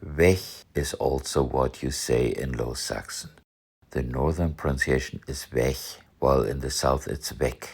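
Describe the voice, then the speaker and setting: A man from northern Germany giving a language lesson, explaining words calmly and reading example sentences in a dry, measured way. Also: a bass voice, gravelly, husky. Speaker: language educator.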